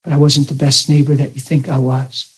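A man's voice: medium pitch, flat delivery, fairly quick, a little mellow, breathy edge, rough recording. A man voicing an elderly male neighbor who earnestly confesses to an old wrong. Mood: remorseful.

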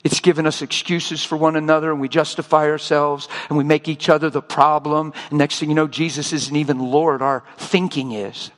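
An older man preaching a sermon, telling stories and acting out both sides of conversations with lively, emotional delivery. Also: a little high, a little fast, hardly any pauses, big-room sound. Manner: animated storytelling, acting out dialogue.

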